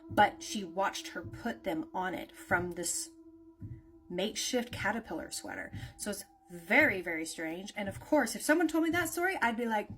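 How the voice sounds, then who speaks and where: A woman's voice: mid-range voice, lively intonation, moderate pace, fairly bright tone, slight background noise. A woman telling a spooky story in a casual, conversational way, with lots of "like" and "naturally".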